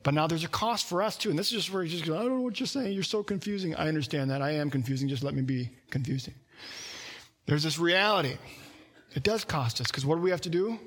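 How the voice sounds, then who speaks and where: A man preaching a sermon in an animated, conversational way, often acting out quoted voices and restarting phrases. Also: on the high side, fast, husky. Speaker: pastor.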